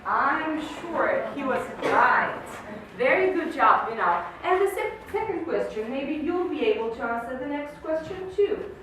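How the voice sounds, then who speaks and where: A woman's voice: high-pitched, big pitch swings, measured pace, hardly any pauses, fairly bright tone, a little hiss or hum. A woman teaching an English lesson to a class, patient and encouraging, explaining with lots of questions. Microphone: camera mic from across the room. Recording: echoey classroom from far off.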